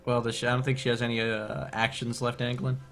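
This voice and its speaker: Easygoing male co-commentator, mid-pitched. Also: level tone, fast talker, a bit bright, faint music behind. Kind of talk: casual game commentary.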